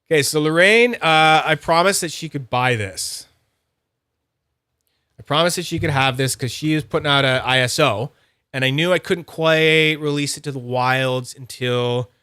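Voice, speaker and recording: A man hosting a fidget toy channel, chatting casually and excitably, rambling, teasing himself and greeting viewers by name. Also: medium pitch, clean tone, no echo, studio quality. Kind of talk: casual rambling livestream-style review.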